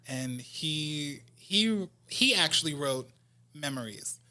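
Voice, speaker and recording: A man from New Jersey, an R&B singer, telling stories as a guest in a casual interview, animated and laughing often. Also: a little high, slow.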